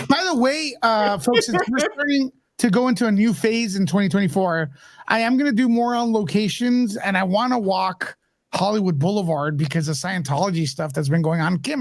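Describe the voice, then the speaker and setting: A man hosting a casual livestream chat, blunt and joking, quick to mock. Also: sits high, lively intonation, no echo. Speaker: show host.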